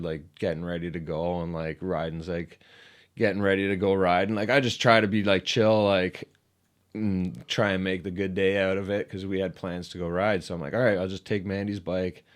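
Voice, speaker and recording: A man in his thirties, a guest on a casual podcast, telling a long story in a rambling way, packed with "like" and growing more animated as he retells it. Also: deep voice. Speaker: podcast guest, ramp builder.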